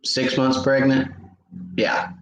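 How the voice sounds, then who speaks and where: A man's voice: medium pitch, monotone, slow, echoey room, dull audio. A middle-aged man, hosting a fishing livestream in casual chat and reading out viewer comments. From Knoxville, Tennessee. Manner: folksy, reads viewer comments aloud.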